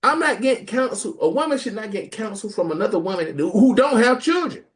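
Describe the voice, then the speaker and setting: A man's voice: high-pitched, a little fast. A man, talking casually and animatedly about scripture as a podcast co-host, joking and mimicking people. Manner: animated, jokey, mimics people in quoted voices. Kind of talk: casual group talk on scripture.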